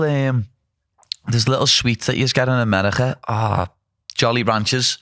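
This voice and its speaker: A man's voice: mid-range voice, normal speed, a bit bright, no echo, studio quality. A young man with a Liverpool accent hosting a casual chat, blunt and self-deprecating. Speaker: podcast host.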